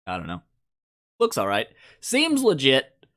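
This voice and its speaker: A man's voice: medium pitch, wildly swooping pitch, unhurried, pauses often, fairly bright tone. A man giving casual gameplay commentary as a mobile game YouTuber, joking and teasing the characters in a playful, mock-insulting way.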